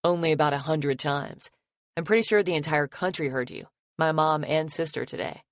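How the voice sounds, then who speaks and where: A woman voicing a protective, possessive young man who curses casually and grumbles low. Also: moderate pace, dry recording, clean studio sound. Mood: tender. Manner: gruff, curses casually, drops his voice low.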